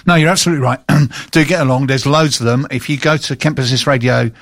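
A man's voice: medium pitch, fast talker, fairly bright tone, no echo. Man, radio co-host, casual chat, stammering restarts, dry close sound. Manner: chatty, stammers on restarts, reads out listings.

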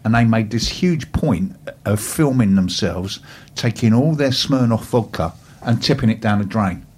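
A man co-hosts a radio show in relaxed chat. His voice is low and a little husky. He tells stories in a wry, dry way. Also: a little slow. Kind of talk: casual on-air chat.

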